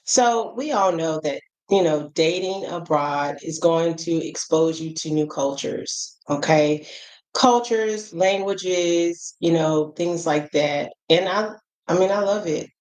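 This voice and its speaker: A middle-aged American travel vlogger with an African American English accent gives frank, chatty advice straight to the camera, full of asides and fillers. Her voice is low and darkish, she goes slowly, and the audio quality is poor.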